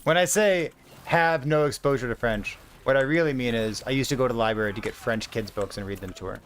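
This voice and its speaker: A man's voice: medium pitch, fast talker, a little hiss or hum. A man in his thirties chatting casually while streaming a game, rambling through a story with lots of fillers. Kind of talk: casual gaming stream chat.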